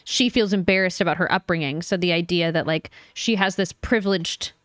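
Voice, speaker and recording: A woman's voice: lowish voice, a little fast, no room sound. Emphatic young woman, dry close mic. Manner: opinionated, emphatic, casual swearing. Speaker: podcast co-host. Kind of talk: casual chat.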